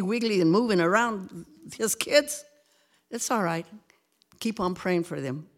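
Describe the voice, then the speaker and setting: A woman of ninety, nervous about speaking in front of people, talking about her faith with a laugh and reciting a prayer. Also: fairly low pitch. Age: 90s. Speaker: grandmother interviewed in church. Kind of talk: faith testimony interview.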